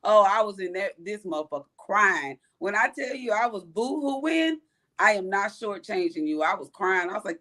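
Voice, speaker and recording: Expressive, profane woman telling stories. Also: mid-range voice, moderate pace. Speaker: podcast co-host. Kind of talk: casual chat.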